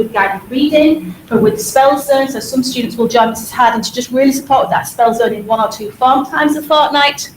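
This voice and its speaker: Fast-talking Hull woman in an echoey hall. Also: on the high side, slight background noise. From Hull, England. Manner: fast-talking, energetic, repeats words for emphasis. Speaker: music teacher. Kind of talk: school presentation to parents. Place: school hall.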